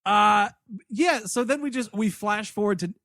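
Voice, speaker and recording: A man co-hosting a movie review podcast in casual chat, telling the plot with animated asides and quick acted-out lines. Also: sits high, no echo, clean studio sound. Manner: animated storytelling, acts out characters in quick asides. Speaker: podcast co-host.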